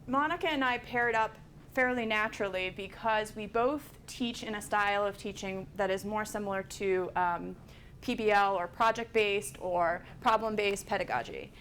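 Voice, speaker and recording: A woman presents a conference workshop in a measured, hesitant way, pausing often with ums. Her voice sits at an ordinary middle pitch, with faint noise underneath. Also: a bit bright. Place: conference room.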